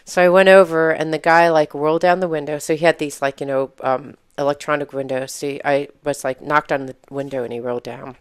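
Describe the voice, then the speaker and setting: Woman, podcast co-host, casual animated storytelling, smooth voice, dry sound. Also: deep voice, brisk, few pauses, no echo. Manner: animated storyteller, laughing, acting out quotes. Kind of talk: casual chat.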